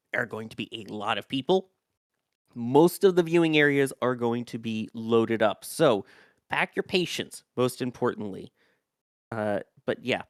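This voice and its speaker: A man's voice: mid-range voice, clear, resonant tone, no echo, studio quality. A man hosting a live rocket launch stream, chatting casually, reading out viewer messages and thanking the crew.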